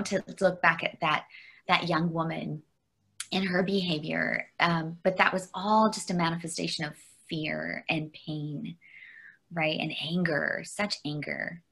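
Earnest, halting woman telling her story. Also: fairly low pitch, bright, forceful tone. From Canada. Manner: earnest, halting, with many fillers and restarts; laughs often while telling her story. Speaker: interview guest. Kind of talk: candid personal storytelling.

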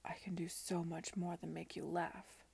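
A brooding, possessive young gentleman read by a woman, speaking low and hushed with a gravelly edge. The voice is dark and a little husky, close and dry. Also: flat delivery, moderate pace, exaggerated voice. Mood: intense hushed.

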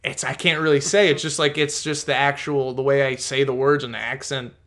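A man's voice: medium pitch, flat delivery, fairly quick, a bit bright. A man co-hosting a podcast, chatting casually in a rambling way that doubles back on itself, with some swearing. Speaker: podcast co-host. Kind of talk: casual chat.

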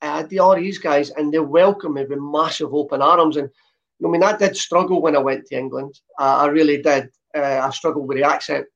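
A man in his fifties from Scotland with a softened Glasgow accent, telling stories as an interview guest with a lot of filler sounds. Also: a little high, steady tone, a little fast, creaky. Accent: softened Glasgow Scottish. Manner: lots of uh fillers, chatty storytelling. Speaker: guest, former footballer. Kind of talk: relaxed interview chat. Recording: dull lo-fi sound.

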